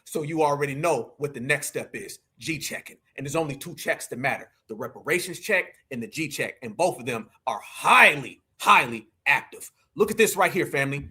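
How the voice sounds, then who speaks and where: A man's voice: fairly high pitch, expressive, normal speed, hardly any pauses, sharp tone, husky. A man hosting live political commentary, mocking and emphatic and full of slang.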